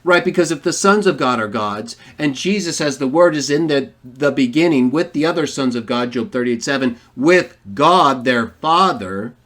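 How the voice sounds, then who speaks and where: A man's voice: medium pitch, expressive, moderate pace, few pauses, a bit bright. A man giving a polemical Bible lesson, arguing emphatically and posing rhetorical questions to his listeners. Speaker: online Bible teacher.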